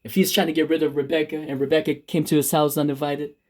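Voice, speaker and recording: A man voicing a calm pastor who gently counsels forgiveness. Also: fairly high pitch, fast talker, close to an everyday voice. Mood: reassuring.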